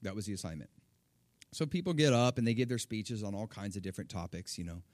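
A middle-aged man preaching, telling a personal story with animated, acted-out quotes. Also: on the low side, fast talker, no echo. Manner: animated, acts out quoted voices. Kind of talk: sermon storytelling.

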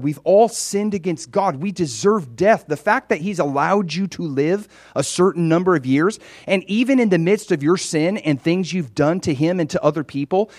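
A man preaching a conversational sermon, dropping quiet and then rising loud and emphatic. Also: on the high side, no echo, studio quality.

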